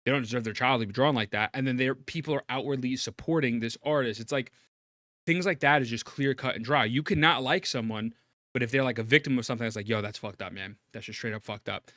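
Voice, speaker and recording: A man hosting a stream, reacting in heated commentary with profane ranting that climbs toward shouting. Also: medium pitch, fast, dry recording, studio quality. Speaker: streamer host.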